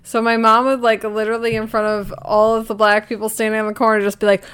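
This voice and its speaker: A woman's voice: a little high, level tone, fast talker, fairly bright tone, clear, resonant tone. A woman from New Jersey telling stories in casual chat, swearing and laughing. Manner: laughing, profane storytelling.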